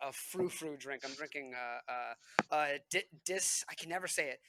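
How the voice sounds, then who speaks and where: Against a noisy background, a young man with a voice on the high side talks at normal speed while co-hosting a casual history podcast. His storytelling is animated but rambling, with many fillers and restarts.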